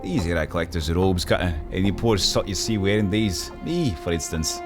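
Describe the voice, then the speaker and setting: Man reading an easygoing, friendly workman for a game, lowish voice, casual and chatty. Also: normal speed, over music, lightly acted. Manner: casual, chummy, relaxed. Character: friendly, easygoing male street worker.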